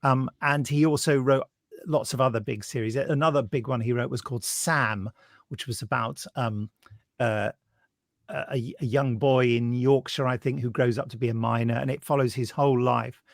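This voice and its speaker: A man's voice: medium pitch, moderate pace, vocal fry, dry recording, clean studio sound. A British man co-hosting a podcast, talking casually and with animation. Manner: chatty, animated, laughs while talking. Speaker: podcast co-host. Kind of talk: casual chat.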